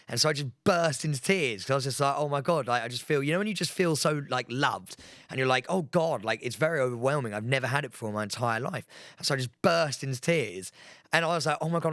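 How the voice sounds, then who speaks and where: A man co-hosting a podcast in casual chat, telling stories in an excitable, rambling way with lots of fillers. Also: medium pitch, no room sound, clean studio sound. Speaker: podcast co-host. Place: podcast studio.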